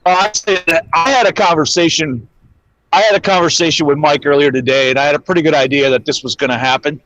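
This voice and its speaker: A man speaking as a guest in a casual chat, steady and earnest, often restarting his sentences. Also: on the high side, fast talker, no echo. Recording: dull, dry remote line.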